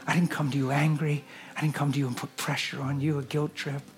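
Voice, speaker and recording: Earnest male preacher over soft music. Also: a little high, flat delivery, fast talker. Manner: earnest, swinging from soft whispers to loud exclamations. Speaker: guest preacher. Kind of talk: sermon with altar call and prayer. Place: church service.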